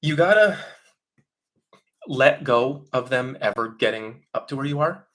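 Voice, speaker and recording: His mid-range, slightly bright voice holds fairly even intonation at a moderate pace as he hosts a live Q&A stream. He answers chat questions casually and opinionatedly, often mocking people in quotes and leaning on fillers.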